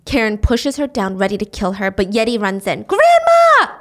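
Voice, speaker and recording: A young woman host telling the story of a drama in an animated, casual way, sometimes speeding up and sometimes slowing for the sad parts. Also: mid-range voice. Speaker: podcast host recapping a drama.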